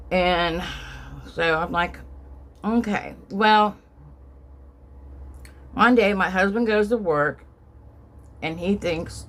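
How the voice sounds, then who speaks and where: A middle-aged woman telling a rambling story at home while doing her makeup, acting out the quotes in a raised voice. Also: lowish voice. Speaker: vlogger.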